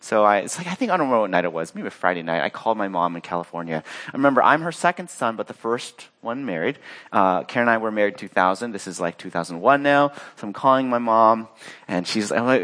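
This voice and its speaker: Lively animated male pastor. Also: quick pace. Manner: animated storytelling, acts out quotes with big pitch jumps. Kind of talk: sermon.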